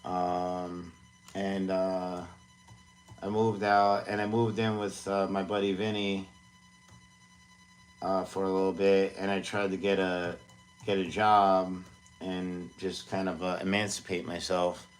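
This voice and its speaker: Man, 40s, deep voice, loose rambling livestream chatter from his home studio, self-mocking. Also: flat delivery, takes it slowly. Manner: rambling, self-deprecating, many fillers. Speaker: music producer streaming live. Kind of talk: casual livestream chat.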